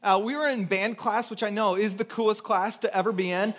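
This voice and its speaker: A man's voice: high-pitched, steady tone, fairly quick, fairly bright tone. A man in his thirties from California, preaching a sermon as a pastor in a conversational storytelling way with self-mocking humor.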